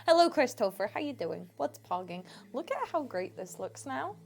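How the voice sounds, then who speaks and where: A woman's voice: on the high side, big pitch swings, normal speed, gravelly, a little mellow, soft background music. A woman streaming from home, chatting casually with her viewers into a desk microphone in a playful, teasing way and laughing often. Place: home room.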